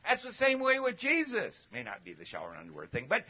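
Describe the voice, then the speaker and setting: A fairly high-voiced man preaching a sermon in a lively, conversational way. He fires off rhetorical questions and jumps between loud, emphatic bursts and quiet asides. The recording sounds dull and lo-fi. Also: brisk, breathy edge. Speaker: preacher teaching a Bible lesson.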